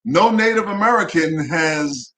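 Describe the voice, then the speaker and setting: A man's voice: on the high side, animated, a little slow, pushed and bright. A man co-hosting a casual talk show, playful and rambling, with many restarts. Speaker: co-host. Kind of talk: casual chat.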